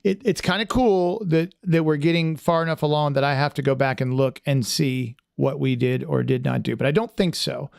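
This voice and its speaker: A man's voice: a little high, moderate pace, gravelly, few pauses, a little mellow, dry recording, clean studio sound. A man hosting a podcast in casual chat, rambling with many restarts and fillers in a friendly, chatty way. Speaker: podcast host.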